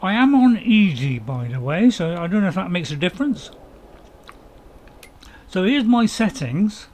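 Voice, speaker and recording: Chatty man with lively pitch. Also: unhurried. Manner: rambling, chatty, apologetic, chuckles often. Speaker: gaming channel host. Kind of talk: casual let's-play commentary, chatting with viewers.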